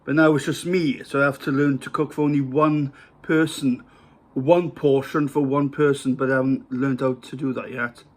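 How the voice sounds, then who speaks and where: Speaking at normal speed in a medium-pitched, darkish voice with little pitch movement, a man from Wales talks casually to camera about his home-cooked meal in a food vlog. He rambles, hesitates, fills gaps with fillers and mocks himself.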